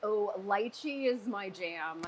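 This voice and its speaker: A woman talking casually as a guest, explaining food flavors in an animated, chatty way. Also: medium pitch, slow, a little hiss or hum, rough recording. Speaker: guest flavor company representative. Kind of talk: casual chat.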